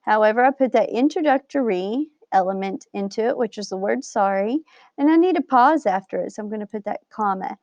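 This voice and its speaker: A woman's voice: medium pitch, animated, brisk, a little mellow, no echo. Woman teacher, lo-fi dry recording. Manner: patient, explains step by step, checks with "right?". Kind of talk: recorded grammar lesson.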